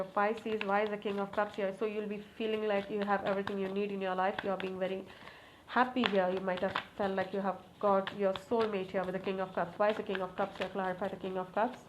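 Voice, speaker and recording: A woman giving a casual tarot reading to camera, talking to the cards, repeating requests and exclaiming with excitement. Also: mid-range voice. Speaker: tarot reader. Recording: slightly muffled, faint background noise.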